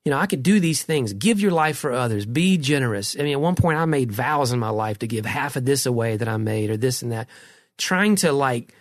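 Middle-aged man, ministry leader, casual chat, reflective, restarts sentences, average pitch. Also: animated, brisk, dry recording, clean studio sound. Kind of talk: casual faith conversation.

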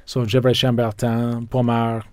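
In a clean, room-free recording, the wine expert speaks unhurriedly in a mid-range voice with a completely flat delivery. Chatting casually about pairing food with wine, he rambles eagerly, restarts sentences often, and spells out the names of wines.

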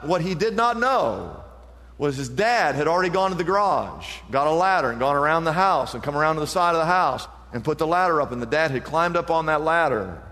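A man's voice: on the high side, animated, a little fast, fairly bright tone, big-room sound. A male pastor preaching an impassioned sermon, building each point to a repeated refrain.

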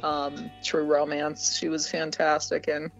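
Laughing actress guest, slightly dull sound. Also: female voice, sits low, monotone, unhurried, faint music behind. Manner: warm, laughs often, guarded about upcoming work. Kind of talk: casual interview chat.

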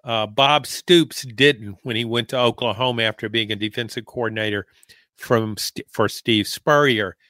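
Slow-drawling Southern man, bright tone. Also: medium pitch, fairly even intonation, dry recording, studio quality. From American South. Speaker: podcast co-host, football analyst. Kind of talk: casual sports podcast chat.

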